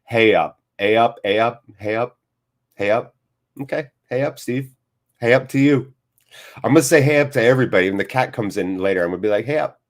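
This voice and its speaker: Chatty, upbeat live-stream host. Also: male voice, fairly low pitch, fairly quick. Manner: upbeat, jokey, chatty, reads out viewer comments. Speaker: host of a live football watchalong. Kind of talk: live-stream chat to viewers.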